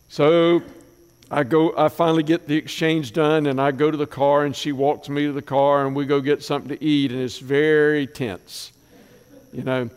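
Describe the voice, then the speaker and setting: Preacher man with a higher voice in a reverberant hall. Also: normal speed, clear, resonant tone. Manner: folksy storytelling, dropping low for asides. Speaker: pastor. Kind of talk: sermon with personal story.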